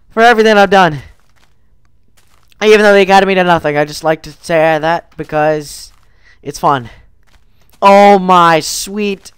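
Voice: mid-range voice, a bit bright, clean tone, dry recording. Wesoły, gadatliwy komentator gry. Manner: goofy, rambling, taunts game creatures. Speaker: game commentator. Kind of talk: let's play commentary.

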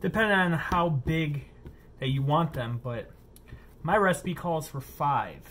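A man's voice: on the high side, animated, unhurried, fairly bright tone, slight background noise. A man hosting his cooking vlog, chatty and goofy, rambling as he cooks. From Lower Peninsula of Michigan. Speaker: cooking channel host.

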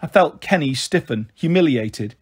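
A man reads a story aloud with a steady, expressive delivery. His voice is fairly high for a man and has a husky grain to it. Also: normal speed. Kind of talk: audiobook reading.

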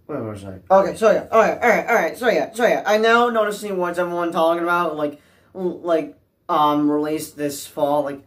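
A man's voice: a little high, moderate pace. Anxious stammering man ranting. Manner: anxious, excitable, stammering, with frequent restarts. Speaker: movie vlogger. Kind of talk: rambling vlog rant.

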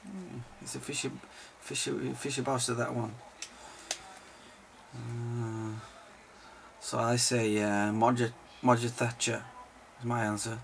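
Unhurried and level, a mid-range male voice with vocal fry answers viewer questions for a video, over slight background noise. The host is tired from no sleep and spends the casual chat rambling, joking and swearing freely.

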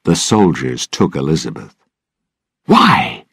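Deep husky guy reading a story slow, lively tone, dry sound. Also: no echo. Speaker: narrator. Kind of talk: storybook narration for English learners.

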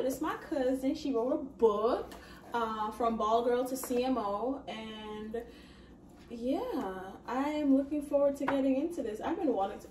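Woman vlogger, slow-paced, exclamatory and casual, roomy sound from an off-axis mic. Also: high-pitched, a little hiss or hum. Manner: chatty, exclamatory, addresses viewers as y'all. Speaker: vlogger hosting an unboxing. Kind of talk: casual chat to viewers. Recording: roomy echo, mic at a distance.

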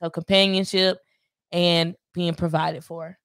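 A woman in her late twenties in casual podcast chat, animated and talkative, often asking "you know what I mean.". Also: lowish voice, unhurried, smooth, no echo, clean studio sound. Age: 20s. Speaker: podcast guest.

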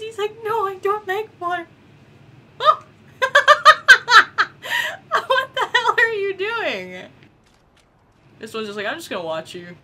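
A young woman casually commenting on a game she is playing, excitable and giggly, swearing often. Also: sits high. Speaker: gameplay commentator. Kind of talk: casual let's-play commentary.

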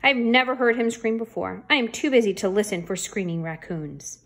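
A woman's voice: mid-range voice, normal speed, fairly bright tone. Storybook figure: a snooty old lady, scornful and disapproving, voiced by a woman reader. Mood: haughty. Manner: sniffy, disapproving.

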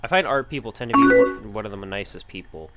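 A man's voice: fairly low pitch, very animated, quick pace. A man doing let's play commentary, thinking aloud about his choices in a jokey, chatty way. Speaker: video game streamer. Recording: loud background music.

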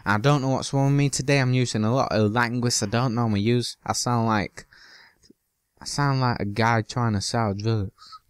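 A man's voice: medium pitch, fairly even intonation, normal speed, clear, resonant tone, dry recording, clean studio sound. A man giving loose, joking commentary over his own gameplay, swearing now and then and slipping into silly bits. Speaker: gaming channel host.

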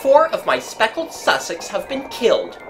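A woman voicing an agitated middle-aged country gentleman who fumes and exclaims indignantly. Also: on the low side, sing-song, moderate pace, over music, voice pushed up. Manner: indignant, fuming.

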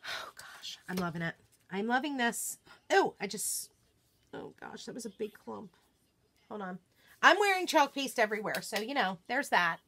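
A woman hosting a live craft demonstration, chatting casually and excitedly, often murmuring quietly to herself as she works. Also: a little high, moderate pace, slight background noise. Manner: bubbly, chatty, self-deprecating, often drops to a murmur while working. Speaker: craft livestream host.

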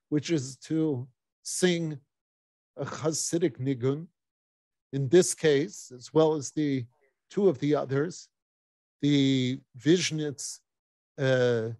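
A man presenting and introducing archive recordings, pausing and searching for words as he goes. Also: a little high, darkish tone, no room sound.

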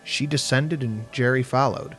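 A man narrates a first-person horror tale in a wry, measured way. His voice sits in an ordinary middle range. Faint background music runs under him. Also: medium pitch, fairly bright tone.

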